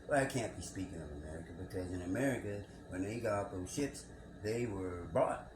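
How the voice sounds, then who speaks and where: Speaking fairly quickly in a low voice, a man reads a passage of scripture and then ponders it aloud, repeating phrases and asking rhetorical questions. The reflective commentary monologue was captured in an echoey space with background noise.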